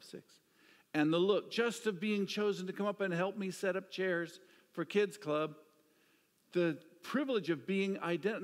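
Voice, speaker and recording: A man preaching a sermon, telling stories with an animated delivery that drops to hushed, quiet asides. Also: fairly high pitch, creaky. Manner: storytelling, swings from animated to hushed. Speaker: pastor. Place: church sanctuary. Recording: church hall reverb.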